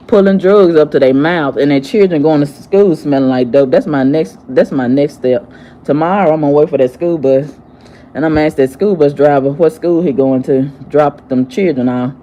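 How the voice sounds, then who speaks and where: Upset tired vlogger ranting, keeps repeating stuff, mid pitch, bit of background hiss. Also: mellow, low-quality recording. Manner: agitated, repeats phrases, venting. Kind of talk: angry vlog rant.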